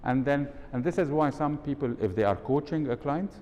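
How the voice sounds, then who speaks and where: Speaking a little fast in a darkish tone, this male workshop speaker is live in an event hall, putting questions to the audience and demonstrating tones of voice. Expect a faint rumble and long hall reverb.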